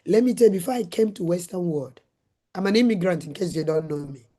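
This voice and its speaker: A middle-aged woman from Nigeria with a Nigerian accent, a former nurse and midwife hosting a talk and telling her story in an animated way. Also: fairly low pitch, quick pace. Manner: acts out her own shouted lines in a raised voice.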